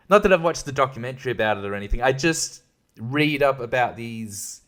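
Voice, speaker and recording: A man's voice: medium pitch, lively intonation, fairly quick, a bit bright. Rambling man hosting a podcast. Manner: rambling, self-interrupting, laughs often. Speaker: podcast host. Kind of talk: casual solo podcast chat.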